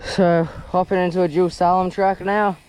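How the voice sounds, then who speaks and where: High voiced guy mountain biking, slangy and sweary, loud wind noise on the action cam. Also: little pitch movement, moderate pace. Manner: loose, slangy, swears casually. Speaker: mountain biker vlogger. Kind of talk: casual riding commentary. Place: outdoor bike park trails. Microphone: action camera while riding.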